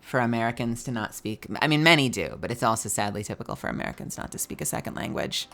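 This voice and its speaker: Very deep-voiced woman streamer chatting. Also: very animated, fast talker, gravelly, a bit bright, faint music behind. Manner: chatty, with frequent "like" fillers and swearing. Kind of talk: casual storytelling chat.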